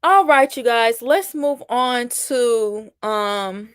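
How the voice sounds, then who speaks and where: A woman's voice: a little high, slow, a bit bright, clear, resonant tone, no echo, studio quality. A woman, hosting a casual live-stream reality-show commentary and chatting with viewers. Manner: chatty, reacts to viewer comments, mimics people mockingly. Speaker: host.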